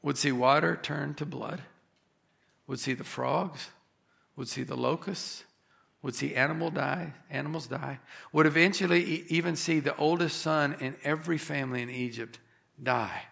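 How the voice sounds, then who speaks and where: A man preaching a sermon, emphatic, rising on key phrases and slowing down for effect. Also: on the high side, fairly even intonation, vocal fry, a bit bright, breathy edge. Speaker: pastor.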